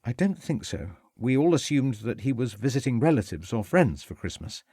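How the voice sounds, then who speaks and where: A man's voice: sing-song, normal speed, mellow, husky, no room sound, clean studio sound. A man voicing a fussy, anxious male butler who talks in a proper, superior way. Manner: superior, flustered, high and fluttery.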